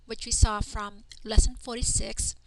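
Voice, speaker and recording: A woman teaching reading in a voice-over, with a slightly high voice. She breaks each word into its sounds and reads them out one at a time, patient and unhurried. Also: level tone, creaky, no room sound. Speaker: language teacher. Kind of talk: slow spelled-out reading lesson.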